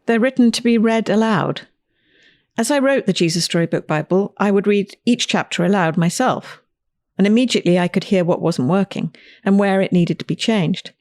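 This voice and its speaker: A woman host and author telling a personal story in a scripted, lively reading style. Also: mid-range voice, moderate pace, dry recording, clean studio sound.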